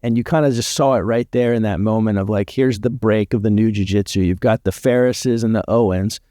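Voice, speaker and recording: This podcast guest has a fairly low voice and a brisk delivery, captured in a clean studio with no room sound. He chats easily through his stories, leaning heavily on "like" as a filler.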